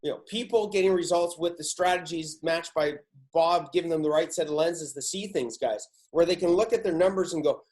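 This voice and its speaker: A man's voice: fairly high pitch, fairly quick, hardly any pauses, a little mellow. A man hosting a podcast, talking casually in an emphatic, profane way that hammers his points home. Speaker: podcast host.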